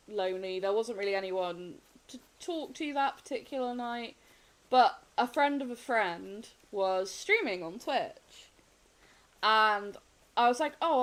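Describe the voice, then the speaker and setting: A young woman with a slightly high voice streams a game on a rough recording, chatting casually with her viewers. She rambles, laughs a lot, and often starts her sentences over.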